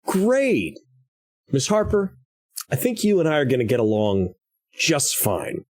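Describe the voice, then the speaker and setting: A man's voice: a little high, huge pitch swings, unhurried, darkish tone, heavily acted. A man voicing a stern, no-nonsense woman starship captain giving orders. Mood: commanding. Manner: curt, commanding.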